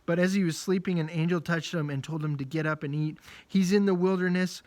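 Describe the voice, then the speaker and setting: A man, a children's pastor, telling a Bible story in a lively, casual and joking way. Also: on the high side, brisk, no room sound.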